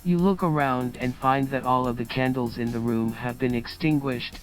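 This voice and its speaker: A man on a live stream reading out an AI-written story in a plain, even manner. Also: medium pitch, normal speed, faint music behind. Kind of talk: reading story text aloud.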